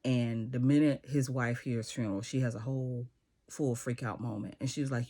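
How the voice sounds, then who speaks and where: A man casually recapping a TV episode, retelling scenes in a lively way and acting out the characters' lines. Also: medium pitch, normal speed, husky.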